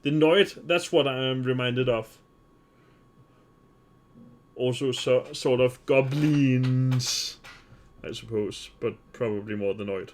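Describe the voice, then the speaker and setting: Male game streamer, mid-range voice, halting live commentary. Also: mid-range voice, steady tone, darkish tone. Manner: hesitant, many filler sounds.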